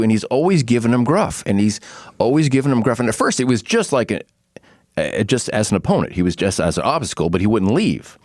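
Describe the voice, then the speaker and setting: A man's voice: lowish voice, fairly quick, dry recording, studio quality. A man hosting a podcast, telling stories casually and acting out quotes with frequent laughs. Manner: animated storyteller, acts out quotes, laughs often. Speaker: podcast host.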